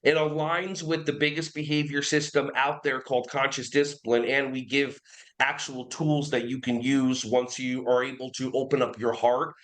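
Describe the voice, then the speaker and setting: An energetic man in his forties, originally from New Jersey, chats casually as a podcast guest. His voice sits at a middle pitch, and he now and then bursts into playful voices to make a point. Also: normal speed, low-quality recording. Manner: energetic, animated storyteller who breaks into silly voices. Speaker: guest, early childhood behavior trainer.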